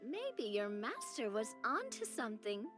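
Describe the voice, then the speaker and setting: An actress voicing a cheerful, lively young noblewoman in a video game, talking in a bubbly, expressive way. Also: fairly high pitch, measured pace, soft background music. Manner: bubbly and expressive, thinking aloud. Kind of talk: game voice acting.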